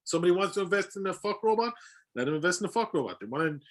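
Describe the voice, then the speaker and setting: Irish man, young, guest chat, teasing tone, bouncy animated pitch, slightly higher voice. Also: rapid-fire. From Ireland. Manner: teasing, playful banter. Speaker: podcast guest. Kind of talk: casual chat.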